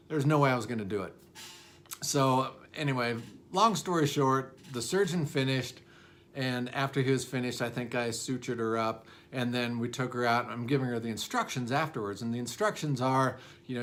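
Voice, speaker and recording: A man's voice: medium pitch, moderate pace, fairly bright tone. A dentist in his forties telling a personal story about his student days, candid and self-deprecating, with lots of fillers and restarts.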